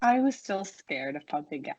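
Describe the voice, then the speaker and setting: A young woman from New Jersey, co-hosting a casual podcast chat, excitable and quick to defend herself. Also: deep voice, muffled recording. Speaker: podcast co-host.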